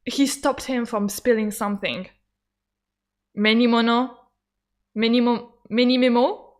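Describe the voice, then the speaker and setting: A young woman streaming a game, reading dialogue aloud and reacting excitably with stammers and shrieks. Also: on the high side, measured pace. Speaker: gaming streamer. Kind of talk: let's play commentary with voiced lines.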